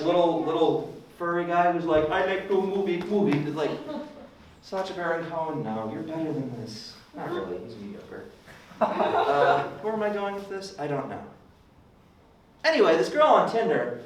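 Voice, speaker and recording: A young man doing a rambling, self-deprecating stand-up set at an open mic, slipping into ranting voices now and then. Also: fairly high pitch. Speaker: stand-up comedian. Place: club open mic room. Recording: echoey room, distant mic, faint hiss.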